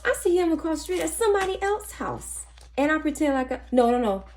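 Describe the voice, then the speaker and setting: A woman vlogging casually, telling a chatty, animated story and counting money softly under her breath. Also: high voice, fast talker. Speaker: budgeting vlogger. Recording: faint background noise and clicks.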